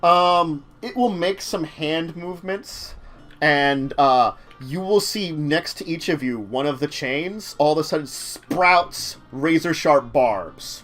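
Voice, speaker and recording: A man's voice: on the high side, takes it slowly, fairly bright tone, soft background music. A man narrating as dungeon master of a tabletop game, hesitant with many ums and uhs. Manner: hesitant, lots of um and uh.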